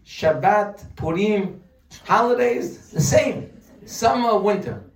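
A man giving a humorous religious lesson, animated and joking, full of rhetorical questions. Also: high voice, takes it slowly. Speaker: Torah teacher. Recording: roomy sound from a distant mic.

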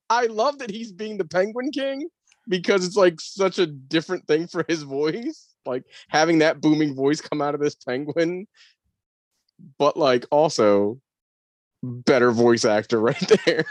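A man co-hosting a pop-culture podcast in casual chat, talking in an animated way and laughing easily. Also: on the high side, measured pace, dry recording. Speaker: podcast co-host.

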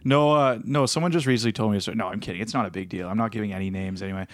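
A man's voice: lowish voice, rapid-fire, dry recording. A man co-hosting a podcast in casual chat, joking and teasing, laughing often. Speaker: podcast co-host.

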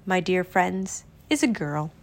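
A woman voicing a wise, pompous old male owl in a storybook reading, speaking slowly in a lowered voice. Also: expressive. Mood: explaining.

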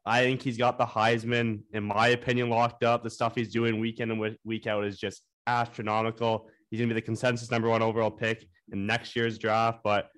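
A man's voice: on the low side, flat delivery, brisk, few pauses, fairly bright tone. A young man co-hosting a sports podcast, chatting casually in enthusiastic, opinionated bursts about college football. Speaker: podcast co-host.

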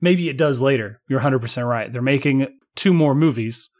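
A man's voice: medium pitch, a little fast. A man co-hosting a podcast, rambling casually about a movie with many restarts and repeated words. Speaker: podcast co-host. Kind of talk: casual movie-review chat.

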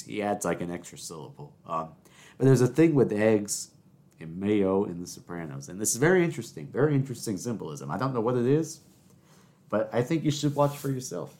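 A man's voice: on the low side, a little fast. A man hosting a solo podcast, rambling through stories and scolding himself by name, with lots of stammered repeats. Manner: talks to himself in the second person, animated storytelling with repeated "I, I". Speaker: podcast host.

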